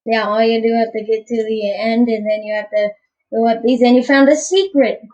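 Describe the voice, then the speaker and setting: A woman's voice: on the high side, fairly even intonation, a little fast, a little mellow, muffled recording. A woman giving casual, goofy gameplay commentary, rambling and tripping over her words.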